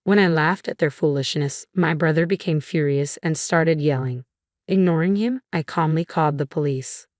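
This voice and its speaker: A woman reading a first-person drama story aloud in an even, measured scripted narration. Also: low-pitched, no room sound, studio quality.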